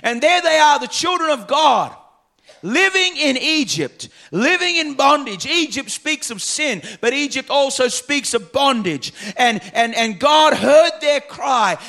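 A pastor preaching a sermon in a church, with emphatic, repetitive preaching that swings from quiet, low passages to loud, half-sung climaxes. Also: male voice, lively intonation, a little slow, vocal fry.

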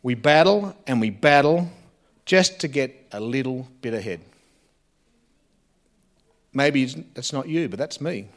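A man preaching a sermon, earnest, with frequent pauses and phrase endings that drop soft. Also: medium pitch, animated. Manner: earnest, pausing often and dropping softly at phrase ends.

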